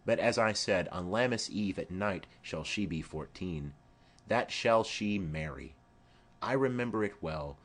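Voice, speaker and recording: Old nurse, chatty and fond, low unhurried voice with plenty of swing; a man reading her part. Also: lively intonation, a bit bright, heavily acted. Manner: rambling, fond, earthy asides. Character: chatty old female nurse, rambling and doting. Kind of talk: audiobook play reading.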